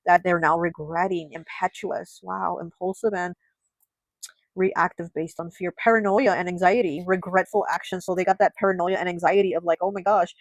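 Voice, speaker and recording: A woman's voice: on the low side, fairly even intonation, moderate pace, no echo, low-quality recording. Musing woman reading tarot cards. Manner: musing aloud, frequent surprised exclamations. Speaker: tarot reader. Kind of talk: pick-a-card tarot reading to camera.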